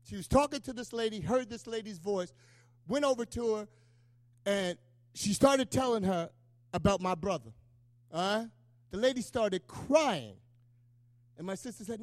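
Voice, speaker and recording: Middle-aged male pastor, very high-pitched, emotional conversational sermon delivery, dry close recording. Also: lively intonation, normal speed, long pauses, no room sound. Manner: emotional, conversational preaching with call-and-response asides.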